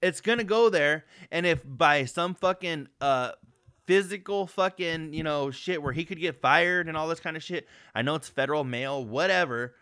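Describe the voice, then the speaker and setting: Brief: male podcast co-host, slightly high voice, dry close-mic sound, swears freely, acts out quotes mid-story. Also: moderate pace, clean tone, no room sound. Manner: profane, animated storyteller acting out quotes. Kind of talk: casual storytelling chat.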